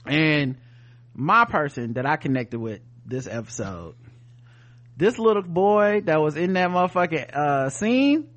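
A man's voice: on the high side, very animated, measured pace, a bit bright. A man co-hosting a podcast, recapping a TV episode in casual, profane chat and acting out the characters' lines as he goes. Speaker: podcast co-host reviewing a TV episode.

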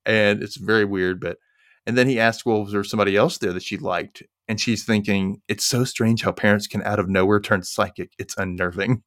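Speaking briskly with a fairly low pitch, a man co-hosts a podcast where he casually rehashes a TV episode. He cracks jokes, voices characters in impressions, and laughs frequently, all in animated style; the studio-quality audio has no echo.

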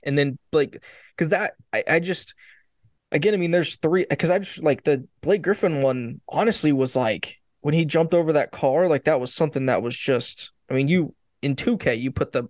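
A man's voice: fairly high pitch, normal speed, darkish tone, no room sound, studio quality. A man chatting casually about sports, rambling and restarting his sentences with emphatic bursts.

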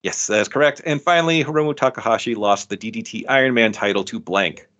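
A man hosting a trivia podcast, reading the questions out briskly and confirming the answers. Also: lowish voice, fairly bright tone. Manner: brisk, amused, reads the questions aloud. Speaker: quiz host.

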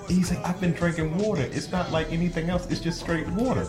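This male podcast co-host has a high-sitting voice and a quick delivery with hardly any pauses, recorded in a roomy space with music behind him. The banter is casual and explicit, built on crude stories he acts out through plenty of animated impressions.

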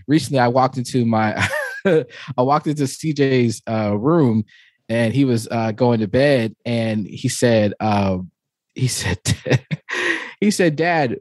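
A man in his thirties talks through a casual podcast conversation. His delivery is animated and full of fillers, and he laughs as he tells stories. His voice sits at a middle pitch in a dry, close setting. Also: slow pace, no echo. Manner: animated storyteller, frequent fillers, laughs while talking. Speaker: podcast co-host.

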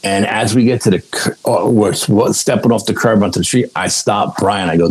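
A man telling a story in casual talk, animated and swearing freely, acting out the dialogue. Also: lowish voice, a little fast, breathy edge, rough recording. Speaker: guest, paranormal investigator.

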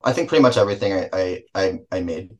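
A man's voice: low voice, fast, crowd noise. A man with a New Jersey accent, a filmmaker guest answering interview questions in a loose, self-correcting way. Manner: rambling, self-correcting, laughs between thoughts.

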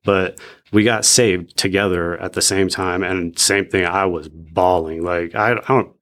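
A young man as a podcast guest, reflecting in a halting, casual way with lots of "like". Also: deep voice, steady tone, a bit bright. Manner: reflective, halting, many "like" fillers. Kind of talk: casual faith podcast chat.

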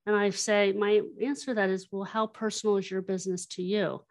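A woman guest, a workshop trainer, explaining her methods and telling stories, acting out quoted lines in an animated way. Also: mid-range voice, brisk. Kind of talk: explanatory interview talk.

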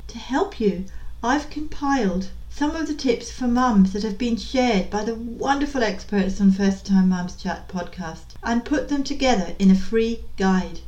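A woman's voice: a little high, warm tone. A woman hosting a podcast, reading a scripted promo in a polished, encouraging way. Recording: echoey room.

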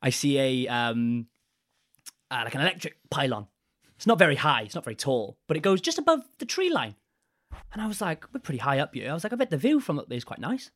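A young man, a podcast guest, telling a rowdy story in a casual, animated way with swearing. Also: mid-range voice, fast talker.

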